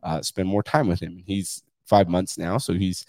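A man's voice: low-pitched, steady tone, normal speed, warm tone, no room sound. A man hosting his own podcast, talking bluntly and candidly with frequent swearing. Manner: blunt, profane, emphatic. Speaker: podcast host. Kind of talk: candid solo podcast monologue.

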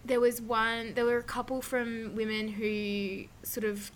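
A woman's voice: on the high side, flat delivery, a little slow, slight background noise. A woman in casual podcast chat, describing a book with lots of fillers. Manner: chatty, many "like" and "um" fillers.

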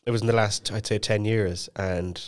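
A man's voice: fairly low pitch, steady tone, normal speed. A young Irish man co-hosting a podcast, telling stories in casual chat and swearing freely. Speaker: podcast co-host.

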